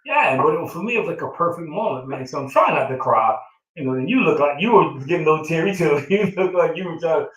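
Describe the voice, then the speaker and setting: A man's voice: on the high side, animated, quick pace, a bit bright. A middle-aged man, a proud father, telling a long heartfelt story in casual chat, with many fillers and an emotional tone. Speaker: father of the groom. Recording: roomy sound from a distant mic.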